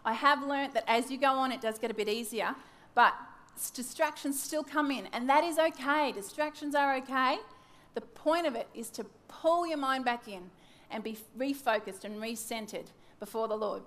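A woman's voice: sits high, normal speed, hardly any pauses, fairly bright tone. A woman in her thirties giving a devotional teaching talk, candid and self-mocking, acting out her own wandering thoughts. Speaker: church teacher.

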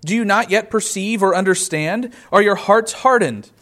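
A man's voice: sits high, normal speed, a bit bright. A man preaching a sermon, reading scripture aloud and explaining it with rhetorical questions.

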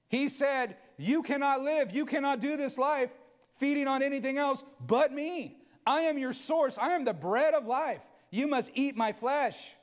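Male pastor, middle-aged, high-pitched, fervent sermon with quiet asides. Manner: fervent preaching with sudden drops to quiet asides.

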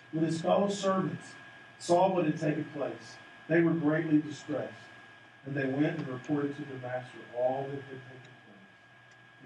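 A man preaches a sermon, his voice pitched high and lively as he acts out each character. He is heard from a distance across a strongly echoing sanctuary, with a faint hum of room noise underneath. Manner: animated, acts out the parable's voices. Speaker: pastor. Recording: echoey room from far off.

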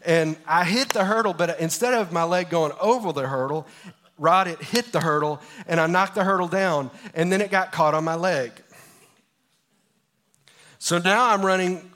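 A man in his forties preaching a sermon as pastor, telling stories with energy and then dropping to a hushed, earnest tone. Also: high voice, moderate pace. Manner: animated storytelling, swinging from loud to hushed. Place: church.

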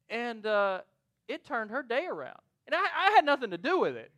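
A man's voice: very high-pitched, big pitch swings, normal speed, bright, forceful tone. A man preaching a sermon in a conversational, storytelling way, often checking in with "right?". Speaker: pastor.

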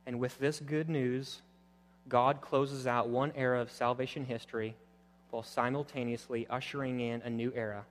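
A man preaching a sermon, animated, moving between loud emphatic points and quiet, intense passages. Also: mid-range voice, in a large hall. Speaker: pastor.

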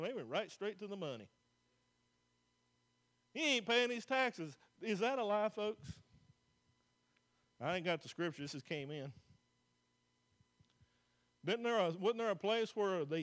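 A pastor, preaching a folksy, plain-spoken sermon to a church congregation. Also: male voice, high-pitched.

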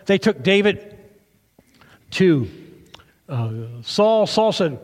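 A man's voice: a little high, expressive, normal speed, a little mellow, in a large hall. A man pastor giving a children's sermon, retelling a story with animation and asking the kids questions.

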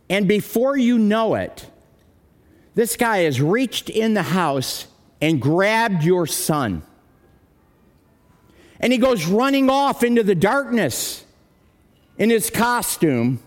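A man preaching as a pastor, telling a dramatic story and dropping his voice for the heavy moments. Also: sits high. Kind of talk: sermon storytelling. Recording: long hall reverb.

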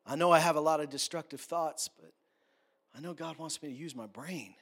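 High-voiced man preaching casually. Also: fairly bright tone. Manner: conversational and joking, with quick asides. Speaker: pastor. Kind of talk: sermon.

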